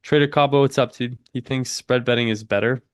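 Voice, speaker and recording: A man's voice: mid-range voice, fairly even intonation, a little fast, clean tone, no echo. Slangy young guy streaming trades. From United States. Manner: laid-back slangy, says "dude" a lot, reads chat aloud. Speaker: livestream trading host. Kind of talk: casual livestream chat and market commentary.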